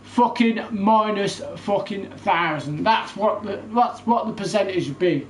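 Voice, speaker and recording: A man ranting angrily to camera about a video game, loud and heated with heavy swearing. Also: sits high, a little slow, few pauses. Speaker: gaming YouTuber. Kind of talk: angry gaming rant to camera. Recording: echoey room, faint background noise.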